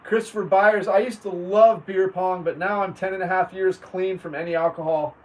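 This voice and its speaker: A man's voice: high-pitched, steady tone, normal speed. Chatty man streaming, mic off a bit. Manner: friendly, chatty, addresses viewers by name. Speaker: livestream host. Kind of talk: casual livestream chat reading comments. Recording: distant mic with faint background noise.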